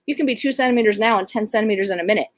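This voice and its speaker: Chatty midwife telling a birth story. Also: female voice, medium pitch, very fast, dry recording. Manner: animated, conversational, many fillers. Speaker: doula and midwife.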